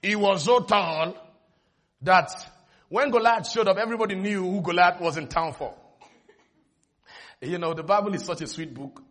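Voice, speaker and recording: A man preaching a sermon, often shouting and calling on the congregation to respond. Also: sits high, normal speed, pauses often. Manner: shouting, call-and-response exhortation.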